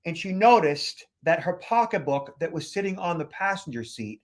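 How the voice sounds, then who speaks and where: A man's voice: fairly high pitch, sing-song, normal speed. A man hosting a podcast, telling a travel story in a chatty way and repeating words as he restarts. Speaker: podcast host. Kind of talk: casual storytelling chat. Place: lives in Boston.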